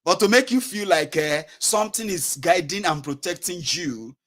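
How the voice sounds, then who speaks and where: A man's voice: high-pitched, moderate pace. A man with a Nigerian accent giving casual political commentary, acting out prayers and slipping into Pidgin. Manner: animated, acts out mocking prayers in Nigerian Pidgin.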